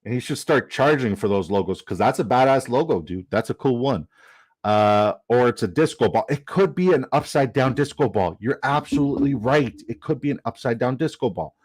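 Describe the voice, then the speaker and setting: A young man casually chatting on a live stream, reading chat comments aloud, excitable and swearing freely. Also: mid-range voice, normal speed, breathy edge. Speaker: fantasy football streamer.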